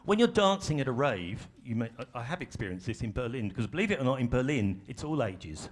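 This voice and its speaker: On a large ballroom stage, a male workshop facilitator leads a live session for an audience, speaking conversationally and poking fun at himself. His mid-range voice swings widely in pitch, and he talks fairly quickly.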